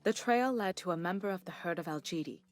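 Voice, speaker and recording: A woman's voice: fairly low pitch, expressive, fast, soft background music. A woman reading an investigator's lines in a board game, earnest and plain.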